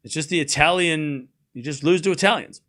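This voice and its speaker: A man's voice: fairly high pitch, a little fast, bright, forceful tone. A man hosting a live stream, chatting casually, often laughing and joking sarcastically as he reads and answers his chat.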